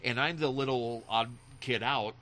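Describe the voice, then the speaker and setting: A man chatting casually, telling animated stories and acting out the voices of people in them. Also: mid-range voice, moderate pace, a little hiss or hum. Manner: animated storyteller who acts out voices, laughing often. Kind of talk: casual chat.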